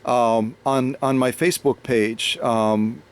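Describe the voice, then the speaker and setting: An American man hosts a relaxed chat, spinning a long anecdote in an easygoing, meandering way. He stops and restarts often, padding his sentences with fillers. His voice sits at an ordinary middle pitch. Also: slow pace, noisy background. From United States. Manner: rambling, many fillers and restarts. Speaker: host, sewing machine restorer. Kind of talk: casual storytelling conversation.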